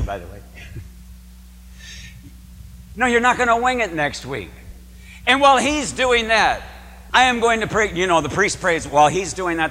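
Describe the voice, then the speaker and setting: A man's voice: on the high side, bright, forceful tone, long reverb tail. A man preaching a sermon as a priest, emphatic, asking his congregation questions and repeating key words. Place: church.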